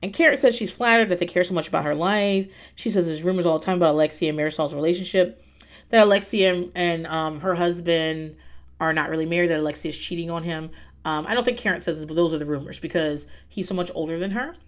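A woman's voice: lowish voice, quick pace. Chatty, blunt woman recapping a show. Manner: chatty, blunt, swears freely, laughs often. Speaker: reality TV recapper. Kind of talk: casual recap monologue.

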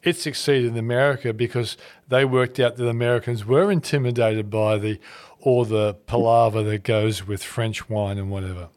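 A man's voice: medium pitch, fairly even intonation, normal speed, darkish tone. A man hosting an interview, nudging his guest along with short affirmations and light teasing. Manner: brief affirming backchannels and teasing asides. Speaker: show host.

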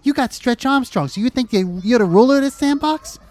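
A man's voice: sits high, expressive, normal speed. A man playing a character who stammers when flustered and rants indignantly in an improvised comedy sketch. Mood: ranting. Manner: stammering, then loud and indignant. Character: flustered, then ranting, squabbling tough guy.

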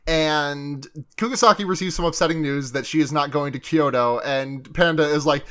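A man casually recapping anime episodes on a podcast, rambling excitedly, swearing often and quoting characters as he goes. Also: on the high side, normal speed, hardly any pauses, smooth. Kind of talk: casual chat.

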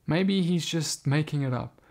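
A man telling a personal testimony in an earnest, halting way, with frequent restarts. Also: a little high, creaky, a little mellow. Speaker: speaker giving a testimony.

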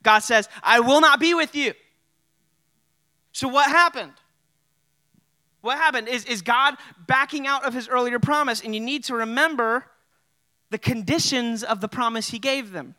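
A man's voice: very high voice, moderate pace, sharp tone, no room sound. A man preaching a sermon as a pastor in a casual, conversational way, with plenty of fillers. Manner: casual and conversational, with many "like" and "you know" fillers.

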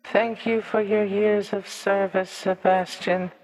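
A man voicing a tiny, pompous demon child lord who speaks in slow, grand commands. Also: high voice, flat delivery, long reverb tail, music in the background, rough recording. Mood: grandiose.

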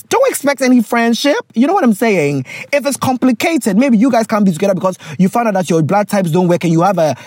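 A woman, hosting and reading out a listener's letter with casual advice, animated and laughing, often slipping into pidgin. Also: medium pitch, no room sound, studio quality.

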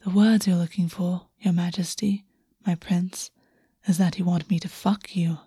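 A woman's voice: fairly low pitch, steady tone, a little slow, mellow, husky, no echo, clean studio sound. Woman whispering as a coaxing male courtier. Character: gentle, scheming male courtier.

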